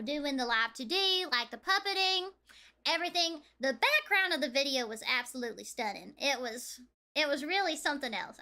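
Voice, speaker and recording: A woman with a Southern US accent, chatting and giggling on a livestream, with drawn-out vowels. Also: high-pitched, pushed and bright. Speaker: streamer. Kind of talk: casual livestream chat.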